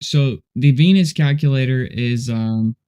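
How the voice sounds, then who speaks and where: Male streamer, relaxed and rambling, mellow low-key voice, chats to his viewers while he works. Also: unhurried, smooth. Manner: rambling, laid-back, says dude and you know a lot. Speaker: livestream host. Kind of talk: casual livestream chat while coding.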